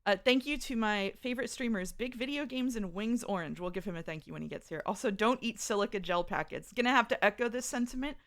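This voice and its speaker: A fast-talking woman with a medium-pitched, fairly bright voice and few pauses leads a casual live stream. She reads her chat aloud, chats with viewers, and giggles a lot.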